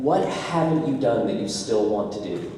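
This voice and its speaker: A male fan speaks up eagerly from the floor of a convention panel, cheering the guest on. His pitch swings in a lively way. He sounds far from the mic in a hall with long reverb. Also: normal speed, slight background noise. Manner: enthusiastic, encouraging. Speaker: fan asking a question. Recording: echoey hall, distant mic.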